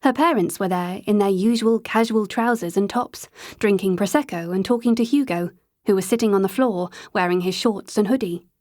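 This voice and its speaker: A woman narrating an audiobook in a scripted reading, slowing to a drawn-out, dreamy pace in the hazy passages. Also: medium pitch, a little mellow, no echo, studio quality.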